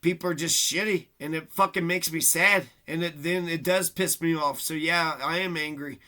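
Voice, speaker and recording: Vlogger, male, high tense voice; rambling profane rant, aggrieved delivery. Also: steady tone, moderate pace, pushed and bright. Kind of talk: casual ranting monologue.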